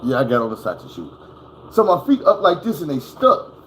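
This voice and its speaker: A man's voice: on the high side, sing-song, brisk, a bit bright, slight background noise. A man telling a personal story at home, casually and profanely, acting out crashes and sounds as he goes. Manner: profane, vivid, acts out sounds. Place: at home indoors.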